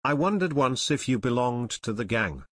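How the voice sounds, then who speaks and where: A man's voice: medium pitch, very animated, normal speed, a bit bright, no room sound, clean studio sound. A man reading a plucky teenage boy detective who asks direct questions, in an audiobook. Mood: earnest.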